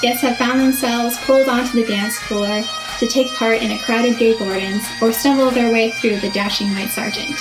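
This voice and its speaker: A woman giving scripted narration about her regiment's pipe band, in a measured, proud way. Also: a little high, fairly even intonation, low-quality recording. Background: bagpipe music.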